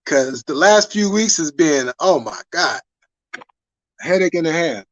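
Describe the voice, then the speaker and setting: A man's voice: on the high side, lively intonation, unhurried, no echo. A man hosting a livestream, chatting with viewers in a loose, rambling way full of cursing. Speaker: livestream host. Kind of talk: casual livestream chat.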